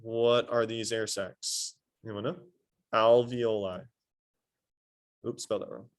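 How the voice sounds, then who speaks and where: A man teaching a high school anatomy lesson in a classroom, quizzing his students and adding playful asides. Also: flat delivery, slow. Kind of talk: classroom lecture.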